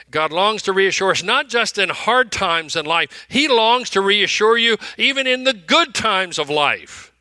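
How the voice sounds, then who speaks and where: A man preaching a sermon in a very bright, ringing voice pitched a little high. He repeats his phrases for emphasis and drops from loud declarations to hushed, close asides. The sound is dry, with no room echo. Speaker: pastor.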